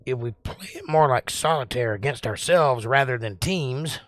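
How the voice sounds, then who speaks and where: A man's voice: mid-range voice, expressive, moderate pace, fairly bright tone. Southern man chatting on a livestream. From Georgia, US. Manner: rambling, joking, drawling. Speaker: livestream host. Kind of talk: casual live-stream chat reading comments.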